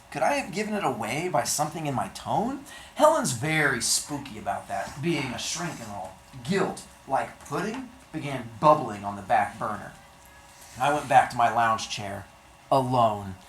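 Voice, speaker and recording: A man's voice: medium pitch, pushed and bright. A man, a teacher, reading a novel aloud to his class with playful, dry asides. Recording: echoey classroom, faint hiss.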